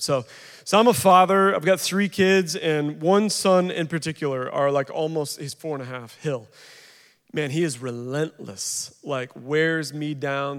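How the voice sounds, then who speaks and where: A man in his thirties shares his testimony in a loose, chatty way, full of fillers and asides. His slightly high voice carries the long reverb of a big church hall. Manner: casual, chatty storyteller with many fillers. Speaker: speaker sharing his testimony at a recovery ministry. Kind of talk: humorous testimony talk.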